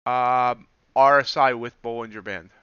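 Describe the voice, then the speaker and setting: Guy livestreaming his trades, laid back, reads chat, crisp bright voice, kinda muffled dry audio. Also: mid-range voice, a little slow, dry recording. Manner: relaxed, thinks aloud, answers chat. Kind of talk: casual live-stream commentary.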